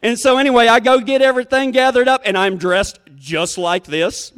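A man's voice: extremely high pitch, moderate pace, fairly bright tone, clear, resonant tone. A man telling a folksy, self-mocking country story on stage.

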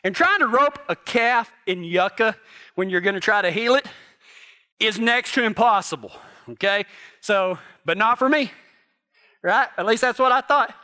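A man with a notably high, bright voice preaches a homespun sermon to a ranching congregation. He talks like a cowboy pastor, with a folksy drawl and plain ranch talk. His delivery swings from quiet, earnest asides to loud, animated bursts. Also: normal speed, pauses often.

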